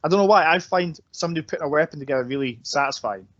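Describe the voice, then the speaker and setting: A man on a casual film podcast, relaxed and laughing along with the others. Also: a little high, rapid-fire. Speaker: podcast co-host. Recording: dull lo-fi podcast audio.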